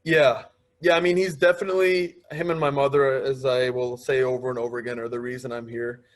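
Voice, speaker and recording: A man's voice: medium pitch, brisk. Young man telling stories on a podcast. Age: 20s. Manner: storytelling, quoting others in lively asides. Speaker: podcast guest, pro hockey player. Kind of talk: casual interview chat.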